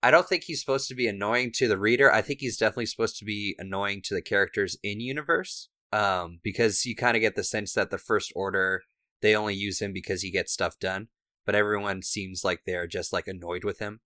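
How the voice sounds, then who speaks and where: A man's voice: lowish voice, a little fast, pushed and bright, no room sound, studio quality. A man co-hosting a podcast in casual chat, laid-back with frequent fillers. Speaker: podcast co-host and editor.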